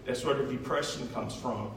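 A man's voice: mid-range voice, moderate pace, a bit bright. Chatty man presenting in an echoey hall. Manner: chatty, laughs often, many fillers. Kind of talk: informal talk with slides. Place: large echoey room. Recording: echoey room from far off, faint noise.

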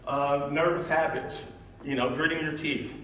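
A man's voice: on the high side, steady tone, measured pace. Chatty man presenting in an echoey hall. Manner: chatty, laughs often, many fillers. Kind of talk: informal talk with slides. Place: large echoey room. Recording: echoey room from far off, faint noise.

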